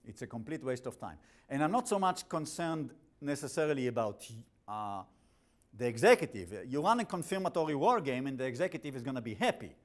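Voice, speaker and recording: A man's voice: mid-range voice, very animated, brisk. A man with an accent giving a classroom lecture as the instructor, blunt and jokey, often restarting his sentences. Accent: non-native English.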